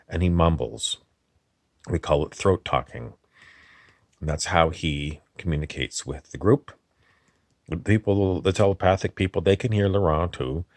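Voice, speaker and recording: A man with a very low voice talks in a rambling comic monologue. He meanders, halts and wanders off topic. The recording is close and dry, with no room sound. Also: darkish tone, no room sound. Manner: meandering, halting, drifts off topic. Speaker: comedy channel host in character.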